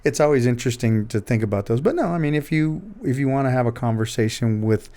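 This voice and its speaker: A man's voice: mid-range voice, expressive, fast, mellow. A man hosting an interview podcast, rambling and restarting his sentences as he chats. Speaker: podcast host. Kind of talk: casual interview chat.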